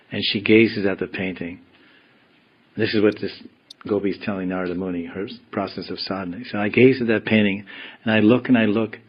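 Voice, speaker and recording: A man giving a devotional scripture class, telling stories in a slow, meditative way. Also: lowish voice, breathy edge, lo-fi sound. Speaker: spiritual teacher.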